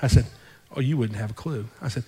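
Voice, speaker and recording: Animated preacher man in an echoing sanctuary. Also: mid-range voice, fast, breathy edge. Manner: animated, conversational storytelling with repeated phrases. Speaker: pastor. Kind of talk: sermon storytelling. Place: church sanctuary.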